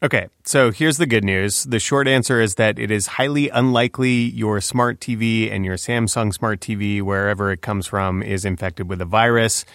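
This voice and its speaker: Low-voiced man tech correspondent. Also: steady tone, normal speed, hardly any pauses, fairly bright tone, no room sound, clean studio sound. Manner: casual explainer, many fillers. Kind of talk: radio interview explanation.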